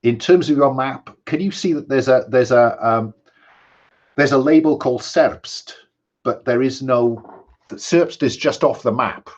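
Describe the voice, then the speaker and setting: A man narrating a tabletop game as game master, measured and pausing on frequent ums. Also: medium pitch, lo-fi sound.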